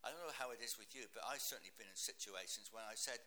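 A man's voice: fairly low pitch, fast talker, bright, forceful tone. A man preaching a sermon in an earnest way, lifting his voice for scripture readings.

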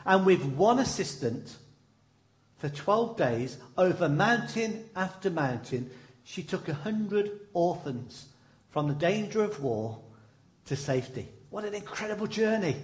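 A man preaching a sermon, telling stories with lively emphasis and dramatic pauses. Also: high-pitched. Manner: animated storytelling with dramatic pauses.

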